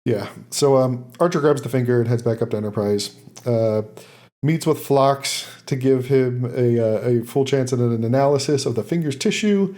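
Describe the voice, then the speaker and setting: A man with a mellow, darker voice talks through an episode recap in relaxed podcast chat. He leans on fillers like "uh" and laughs easily as he goes. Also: mid-range voice, moderate pace. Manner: recaps plot loosely with many fillers and laughs. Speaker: podcast host summarizing an episode.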